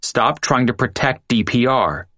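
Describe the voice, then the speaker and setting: A man's voice: mid-range voice, expressive, measured pace, bright, forceful tone, dry recording, clean studio sound, pitched above the performer's own voice. A man voicing a harsh male agent who sneers and makes demands.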